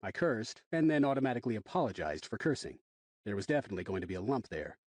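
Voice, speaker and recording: A man narrating a thriller audiobook in the first person, wry and expressive. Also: fairly low pitch, fast talker, dry recording.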